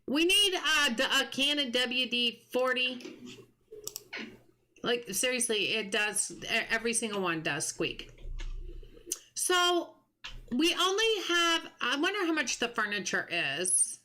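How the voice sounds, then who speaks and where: A woman's voice: a little high, expressive, takes it slowly, bright, forceful tone. A woman streaming a game live, chatting casually, musing aloud as she plays and greeting viewers from chat.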